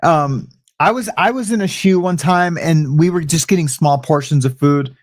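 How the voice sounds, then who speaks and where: A laid-back man co-hosting a casual live talk show, his voice slightly high for a man and recorded dry and close. He chuckles often and raises his pitch to act out what others said. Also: moderate pace, no echo. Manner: laid-back, laughing, acts out quoted voices.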